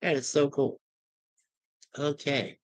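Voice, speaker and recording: A woman's voice: sits low, level tone, takes it slowly, no echo. A woman giving a casual, rambling spoken review of TV episodes, with chatty asides.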